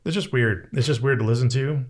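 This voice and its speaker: A man's voice: medium pitch, a little fast. A man co-hosting a movie podcast, griping about a film casually with a wry tone and some swearing. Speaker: podcast co-host. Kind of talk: casual chat.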